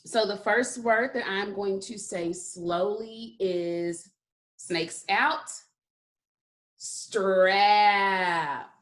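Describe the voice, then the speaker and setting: A woman teaching a phonics lesson to young children, speaking in a slow, encouraging way and stretching out the sounds of words. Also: medium pitch, fairly even intonation, fairly bright tone. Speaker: kindergarten teacher.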